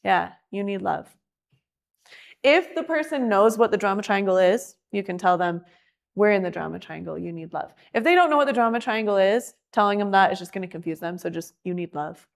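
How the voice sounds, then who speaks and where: A woman leads a class in a relaxed, conversational way. She talks in a chatty manner and brings quotes to life with lively emphasis. Her voice has a slight gravelly edge. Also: medium pitch, brisk. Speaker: class instructor. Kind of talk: casual classroom teaching.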